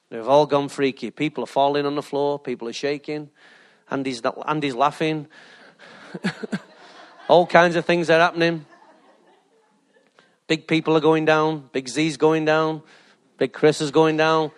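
Pastor, high voice, jokey storytelling sermon. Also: male voice, unhurried, pauses often. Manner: jokey, animated storytelling with laughter. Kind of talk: lively sermon with anecdotes.

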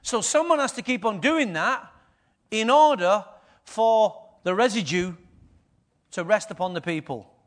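Male pastor, middle-aged, high voice, chatty sermon full of questions to the room. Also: animated, unhurried. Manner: conversational preaching, asks the congregation questions.

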